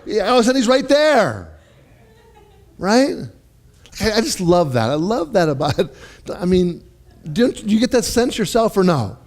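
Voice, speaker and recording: Animated, conversational male preacher. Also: sits high, normal speed, pauses often. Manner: animated, conversational, with repeated "right?" and restarts. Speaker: pastor. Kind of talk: sermon.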